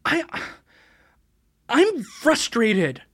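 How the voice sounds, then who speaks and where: A woman's voice: a little high, wildly swooping pitch, drawn-out words, husky. A woman co-hosting a podcast, playfully improvising a comedy scene. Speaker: podcast co-host.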